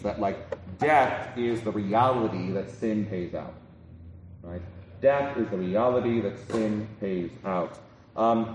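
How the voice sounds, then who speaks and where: A man's voice: lowish voice, a little mellow, a little hiss or hum. A man preaching a sermon in a conversational way, with many ums, restarts and repeated "right?". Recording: roomy hall from a distance.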